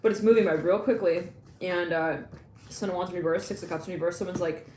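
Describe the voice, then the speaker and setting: A woman giving a live tarot reading in a chatty, excitable way, laughing often and acting out little quoted lines. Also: on the low side, quick pace, reverberant, a little hiss or hum. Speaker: tarot reader.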